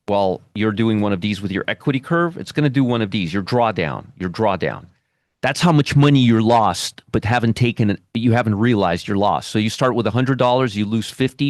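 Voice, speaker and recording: Man, trading lesson, lowish voice, emphatic, repeats himself, dry recording. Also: no room sound. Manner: emphatic, repeats phrases, ends lines with "okay?". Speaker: trading educator.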